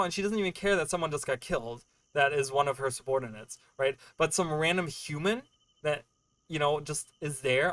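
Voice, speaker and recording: Chatty streamer man, slightly high voice. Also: fairly bright tone, no echo. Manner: rambling, filler-heavy, keeps checking in with "right?"; answers chat questions while playing. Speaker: game streamer. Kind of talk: casual livestream chat.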